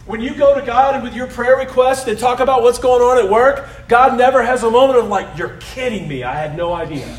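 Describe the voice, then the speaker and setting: A middle-aged man preaching a sermon in a conversational way, rising to loud emphasis and dropping to soft, hushed asides. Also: extremely high pitch, a little fast, few pauses, roomy sound, far from the mic, poor audio. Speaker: pastor.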